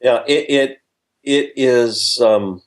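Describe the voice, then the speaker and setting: An older man, a guest speaker in a podcast interview, telling stories with humor and acting out lively quotes. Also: mid-range voice, takes it slowly. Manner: storytelling with lively voiced quotes; self-deprecating humor.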